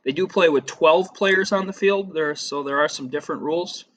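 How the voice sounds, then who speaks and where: A man's voice: on the high side, moderate pace, a bit bright. A middle-aged man teaching a casual classroom lesson over slides, chatty and rambling with lots of fillers and asides.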